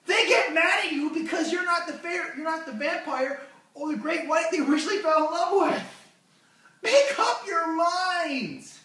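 A man's voice: very high-pitched, lively intonation, moderate pace, pushed and bright. A man hosting a comedy show, rambling through a jokey monologue and losing his train of thought. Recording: echoey room, far from mic.

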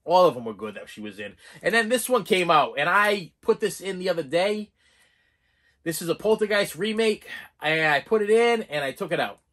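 Excitable man rambling through reviews. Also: high-pitched, moderate pace. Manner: excitable, rambling, with many restarts and fillers. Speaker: movie reviewer. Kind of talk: casual video review.

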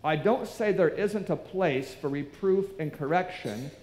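A man's voice: on the high side, measured pace, a little mellow. A man preaching a sermon, telling a story and acting out the voices of the people in it. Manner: storytelling, acts out quoted voices. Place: church. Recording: echoey church hall.

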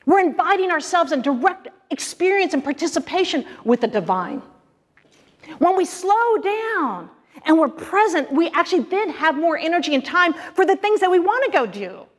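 A woman minister giving an expressive, conversational spiritual talk with playful asides. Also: very high voice, moderate pace. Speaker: guest minister. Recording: long hall reverb.

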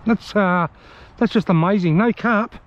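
An Australian man with a high voice, chatting enthusiastically to viewers on a riverbank as he narrates a fishing vlog. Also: measured pace, dull audio. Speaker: fishing vlogger. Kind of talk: casual outdoor vlog narration. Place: outdoors on a riverbank.

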